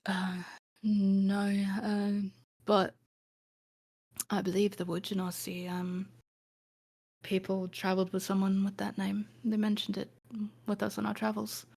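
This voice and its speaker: A woman runs a tabletop session as game master in a casual, rambling way. Her voice is husky with a gravelly edge. She stops often to fill gaps. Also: mid-range voice, flat delivery, a little slow, darkish tone. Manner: casual, filler-heavy, voices NPCs.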